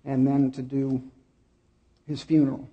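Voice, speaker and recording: A middle-aged man preaching a sermon, telling a personal story with pauses and repeated words. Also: mid-range voice, little pitch movement, muffled recording. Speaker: pastor.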